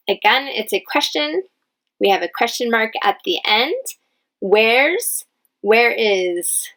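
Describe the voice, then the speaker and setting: A woman English teacher leading a dictation lesson, speaking patiently and spelling out each word clearly. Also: fairly high pitch, expressive, slow, a bit bright, low-quality recording. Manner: patient, enunciates each word, stresses key words. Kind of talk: slow, clear classroom dictation.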